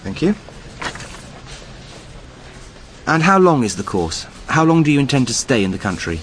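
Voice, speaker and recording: Brief: a man voicing a formal, courteous immigration officer for an audio lesson, asking routine questions in a lively tone. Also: medium pitch, fast, slight background noise, natural voice. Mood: questioning. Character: polite male airport immigration officer. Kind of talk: scripted dialogue for learners.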